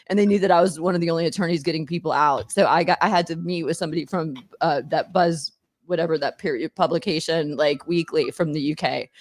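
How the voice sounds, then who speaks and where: A woman's voice: sits low, quick pace. A middle-aged American woman, an attorney, chatting casually on a podcast, rambling with many fillers and frequent laughs. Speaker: attorney and author, podcast regular.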